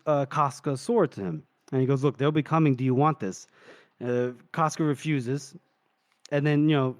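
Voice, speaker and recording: A man's voice: fairly high pitch, clear, resonant tone, no echo. A man co-hosting a podcast, casually retelling book scenes and acting out the characters' lines. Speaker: podcast co-host.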